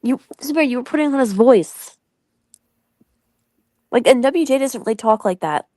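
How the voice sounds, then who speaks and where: A woman's voice: high-pitched, animated, moderate pace, dark tone, no room sound, clean studio sound. A woman in a casual podcast chat, speaking frankly with many "like" fillers.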